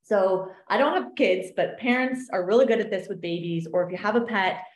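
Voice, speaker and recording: A woman coach explaining an exercise in an animated podcast chat, acting out little voices in her examples. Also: medium pitch, a little fast, highs cut off. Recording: roomy echo.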